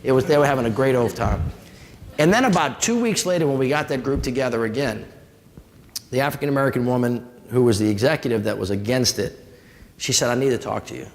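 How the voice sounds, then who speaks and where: A man from New with a drawl, his voice gravelly and mid-pitched. He holds a live audience with folksy, animated stories and acts out the people in them. The sound carries a long hall echo. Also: a little fast. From New Orleans. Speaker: former mayor giving a public talk. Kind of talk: storytelling talk to a live audience.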